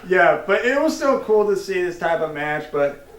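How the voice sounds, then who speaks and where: A man's voice: sits high, big pitch swings, moderate pace. A man co-hosting a casual wrestling review, steering the talk along. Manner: casual, keeps the talk moving. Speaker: podcast co-host. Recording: echoey room, mic far off.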